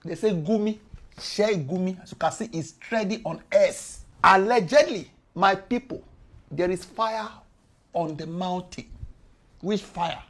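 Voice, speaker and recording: A female commentator with a Nigerian Pidgin English accent explains the news in a casual, lively way, her volume swinging from loud to soft. Her voice is on the low side and her pace measured.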